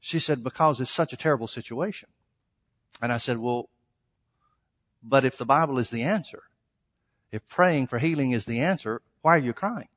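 A man's voice: mid-range voice, moderate pace, pauses often, fairly bright tone. A male pastor preaching a sermon, emphatic and storytelling, acting out quoted exchanges. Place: church sanctuary. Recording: long hall reverb.

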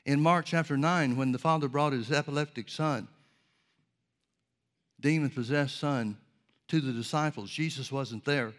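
A man preaching a sermon, teaching in an earnest, measured way and asking rhetorical questions. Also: medium pitch.

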